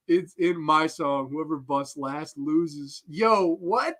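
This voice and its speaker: Young guy riffing on a horror movie live, bright voice, kinda high, swears a lot and keeps cracking up. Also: measured pace, few pauses. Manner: rambling, profane, laughing often. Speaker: host. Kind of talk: live film commentary.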